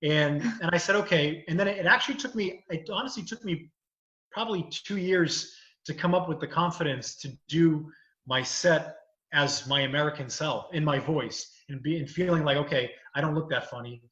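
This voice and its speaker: A comedian and lawyer chats casually in a fairly high voice at a moderate pace, sounding pushed and bright. He rambles through stories, leaning on "you know" and other fillers. The recording is reverberant and lo-fi.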